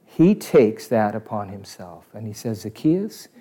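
A man preaching a sermon to a live congregation, animated and asking them questions. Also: fairly low pitch, measured pace, husky. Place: church service before a congregation.

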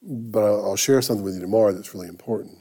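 A man preaching a sermon, telling a story in a conversational, halting way with frequent restarts. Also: lowish voice, dark tone, breathy edge. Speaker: pastor.

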